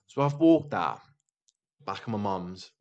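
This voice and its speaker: A man's voice: lowish voice, sing-song, unhurried, a little mellow, highs cut off. A young man co-hosting a podcast, telling a sweary story in casual chat and speeding up when he gets worked up. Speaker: podcast co-host.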